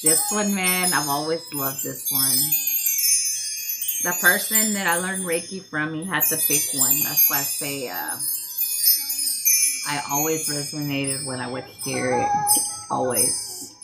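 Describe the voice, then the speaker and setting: A woman's voice: sits low, measured pace, pauses often, loud music behind the voice. A woman hosting a wellness livestream, chatting with viewers in a playful, teasing way, laughing often and calling them darling. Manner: calls listeners "darling". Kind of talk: casual live chat with viewers.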